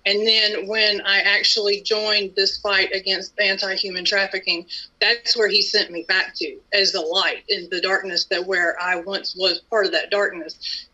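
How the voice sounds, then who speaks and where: An earnest woman guest sharing her ministry work in a relaxed conversational way. Her voice is bright, and the recording sounds dull and lo-fi. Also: mid-range voice. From Atlanta, USA. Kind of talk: interview testimony.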